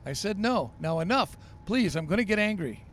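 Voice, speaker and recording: A man's voice: high voice, animated, moderate pace, fairly bright tone, a little hiss or hum, voice pushed up. Man playing a fed-up, stern dad. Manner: firm, scolding, increasingly irritated. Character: tired, exasperated father putting son to bed.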